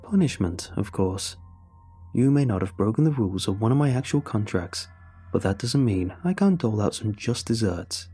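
A man's voice: fairly low pitch, animated, normal speed, dark tone, breathy edge, soft background music. A man putting on a gloating male witch. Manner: mocking, theatrical, gloating. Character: smug, cruel middle-aged male witch.

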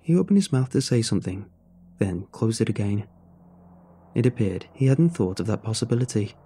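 A man's voice: fairly low pitch, expressive, a little fast, warm tone, slight background noise. A man narrating a first-person horror story in a scripted storytelling style.

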